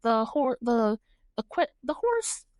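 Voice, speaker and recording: Young New York woman hosting a podcast; lively, laughing, swears freely, fairly high voice. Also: slow, no room sound, studio quality. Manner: animated, laughs often, swears casually. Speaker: podcast host. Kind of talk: casual chat.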